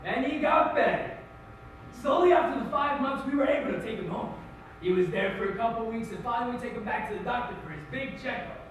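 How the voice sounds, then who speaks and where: A teenage boy performing a monologue as a middle-aged Irish-American man, telling his story in an animated, wry and emotional way. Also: very high-pitched, fairly quick, a little hiss or hum. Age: teens. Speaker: high school forensics performer. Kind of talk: competitive dramatic monologue. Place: school auditorium stage. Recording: echoey hall, distant mic.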